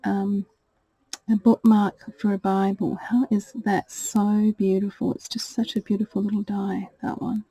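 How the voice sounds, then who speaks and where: A woman presenting her craft purchases in a casual show-and-tell, talking in a gentle, gushing way. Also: medium pitch, creaky, no room sound, rough recording. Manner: gentle and gushing, fond of "little".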